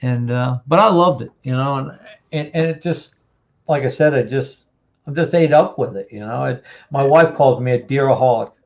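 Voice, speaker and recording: A man's voice: mid-range voice, moderate pace, gravelly. A man in his fifties from New Jersey, hosting a casual chat and telling a long hunting story, acting out what others said. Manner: storytelling, acts out quotes of others. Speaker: podcast host. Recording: dull lo-fi sound.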